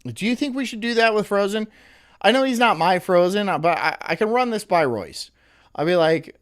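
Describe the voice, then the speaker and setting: A man's voice: high-pitched, animated, moderate pace, smooth. A man hosting a casual stream, rambling, sarcastic and laughing often as he reacts to a clip. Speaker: streamer host.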